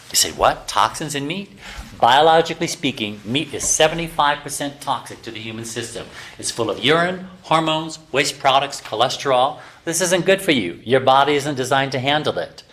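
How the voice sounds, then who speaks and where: A man giving a lively health lecture to a class of students, teasing his listeners and firing rhetorical questions at them. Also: medium pitch, a little hiss or hum. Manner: animated, teasing, full of rhetorical questions to the audience. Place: talking to a live class of students.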